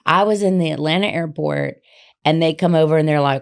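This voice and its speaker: A woman from Memphis, co-hosting a podcast and telling a long, animated, rambling story. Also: fairly low pitch, moderate pace, vocal fry. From Memphis, Tennessee. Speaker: podcast co-host. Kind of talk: casual chat, storytelling. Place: podcast studio.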